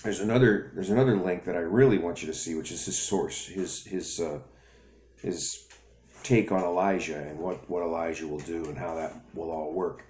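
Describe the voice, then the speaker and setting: A man's voice: low voice, fairly even intonation, normal speed, a little mellow, a little hiss or hum. A man hosting a ministry video, telling a story in a rambling way with restarts. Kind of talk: storytelling sermon. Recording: echoey room.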